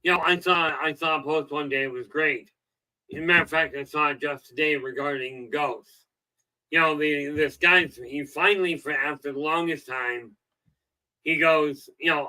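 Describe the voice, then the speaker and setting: A man's voice: on the high side, steady tone, normal speed, bright, forceful tone, low-quality recording. A middle-aged man hosting a self-help livestream, rambling in a folksy way with lots of "okay" and "you know," and telling jokes. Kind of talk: casual livestream talk.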